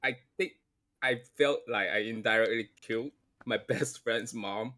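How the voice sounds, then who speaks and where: A man's voice: mid-range voice, a little slow, sharp tone. A man playing in a tabletop game, chatting casually in a laid-back, self-deprecating way. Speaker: player.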